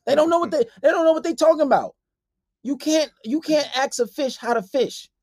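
A man's voice: very high-pitched, brisk, darkish tone, dry recording, studio quality. A young man hosting a casual dating-advice podcast, brash, profane and preachy in his delivery. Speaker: podcast host.

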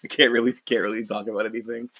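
A man's voice: lowish voice, level tone, racing, bright, forceful tone, dry recording. A young man co-hosting a podcast, chatting casually, swearing freely and restarting his sentences often. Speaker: podcast co-host. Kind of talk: casual chat.

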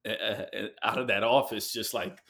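A man from New York City, a guest in an interview, telling a personal story in a heartfelt, halting way with many fillers and restarts. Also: lowish voice, fairly even intonation, creaky, bright, forceful tone. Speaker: guest artist.

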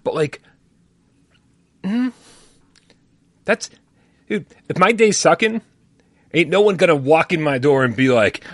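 A man's voice: on the high side, unhurried, pauses often, no echo. A man co-hosting a live gaming podcast, joking and rambling through casual banter. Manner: animated, joking, rambling asides. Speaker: podcast co-host.

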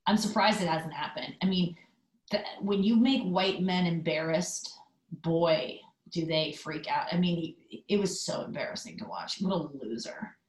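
The podcast host here is a woman with a fairly low voice, captured in an echoey room with poor audio. Her casual monologue is a meandering story, chatty and packed with fillers and side remarks.

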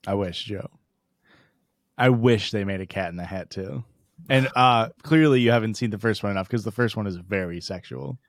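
A man's voice: fairly low pitch, moderate pace, dry recording, clean studio sound. A man co-hosting a podcast, trading jokes and laughing often in casual banter. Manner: joking, riffing, laughs often. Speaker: podcast co-host.

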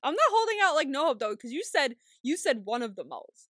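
A woman co-hosting a podcast, chatting casually in an animated way, laughing often and swearing freely. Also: high voice, brisk, dry recording, studio quality. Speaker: podcast co-host. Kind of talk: casual recap chat.

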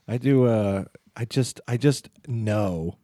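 A man hosting a casual chat, teasing and joking in a deadpan way. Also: mid-range voice, slow, no room sound, clean studio sound. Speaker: podcast host.

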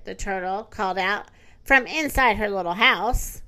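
A woman reading a children's story aloud, gentle, expressive and unhurried. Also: medium pitch.

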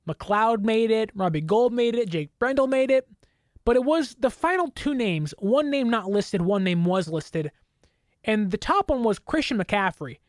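A woman giving an opinionated sports talk to camera, indignant and animated, slipping into mocking quoted voices. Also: mid-range voice, no room sound, studio quality. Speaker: sports commentator.

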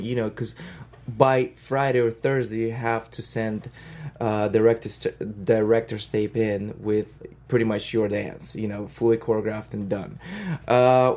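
A woman with a Russian accent, a professional dancer and choreographer, chatting in an interview with lots of fillers and quick bursts. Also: extremely low pitch, warm tone. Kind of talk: casual interview talk.

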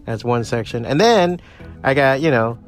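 A man with a gravelly, fry-laden voice at a middle pitch hosts a solo podcast. He rambles casually, swears freely and restarts his sentences often. Faint music plays behind him. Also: expressive, moderate pace. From part Cuban family. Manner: rambling, profane, with many restarts. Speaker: podcast host.

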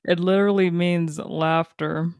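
A man co-hosting a podcast in casual chat, cracking deadpan jokes. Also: on the high side, unhurried, clear, resonant tone, no room sound, studio quality. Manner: deadpan, joking. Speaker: podcast co-host.

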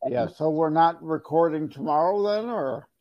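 A man co-hosting a podcast in casual chat, unhurried and quick to laugh. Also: on the high side. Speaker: podcast co-host. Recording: dull lo-fi audio.

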